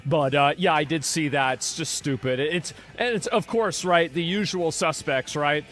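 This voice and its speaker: Dismissive man, slightly high voice. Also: moderate pace, a bit bright. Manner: dismissive, stumbling restarts. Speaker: streamer in a played clip. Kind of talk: casual stream commentary.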